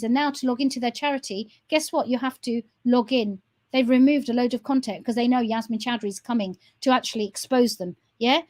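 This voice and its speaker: A woman campaigner speaking straight to viewers in a heated, accusing rant, repeating questions and tagging phrases with "yeah?". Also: high voice. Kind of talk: heated direct-to-camera rant.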